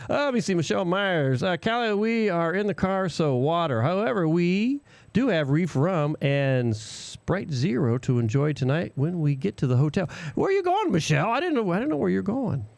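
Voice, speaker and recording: A man co-hosts a live radio show from a small studio, chatting casually with a lively, swooping voice. He laughs often and rambles through asides. The sound is dry and close. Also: high-pitched, vocal fry, no echo. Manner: animated, laughing, mimics accents, rambling asides.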